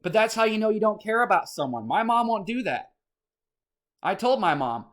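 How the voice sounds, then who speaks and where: Male vlogger, high-ish voice, agitated rambling rant, salty language. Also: very animated, moderate pace, a bit bright. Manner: agitated, rambling, swears often. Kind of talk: casual ranting monologue.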